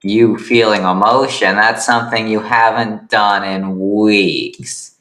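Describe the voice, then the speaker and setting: A man's voice: lowish voice, steady tone, slow, fairly bright tone, reverberant. A man voicing a bitter, self-pitying young man with no friends, talking in a sulky, sarcastic way in an improvised comedic character voice. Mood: sarcastic sulking.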